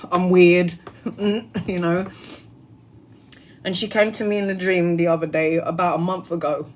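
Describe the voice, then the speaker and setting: A woman's voice: fairly low pitch, level tone, normal speed, slight background noise. A woman tarot reader telling a personal story on a livestream in an earnest, heartfelt, spiritual way.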